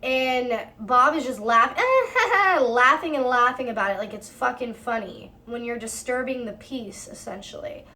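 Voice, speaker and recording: A woman's voice: a little high, fairly even intonation, moderate pace, few pauses, pushed and bright. A woman in her twenties tells a story in a vlog. She swears a lot and acts out her own side of the arguments with heat. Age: 20s. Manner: heated, profane storytelling. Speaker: storytime vlogger. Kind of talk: casual storytime narration.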